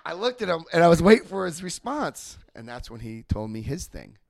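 A man telling a personal story to a group, acting out both sides of a remembered conversation and swinging between loud lines and hushed asides. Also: fairly high pitch, sing-song, a little fast, gravelly, no echo. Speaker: recovery speaker sharing his story. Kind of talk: storytelling talk.

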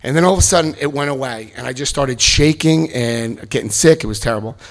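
A man in his fifties giving personal testimony at a recovery meeting, an animated storyteller who jokes and jumps into high voices for quotes. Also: a little fast, creaky. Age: 50s.

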